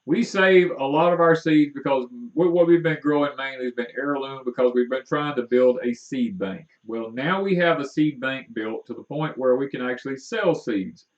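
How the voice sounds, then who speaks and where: A man co-hosting a homestead live stream, talking in a folksy, rambling way, halting with fillers. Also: medium pitch. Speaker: homestead livestream co-host. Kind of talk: casual live-stream chat. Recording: distant mic, dull muffled sound.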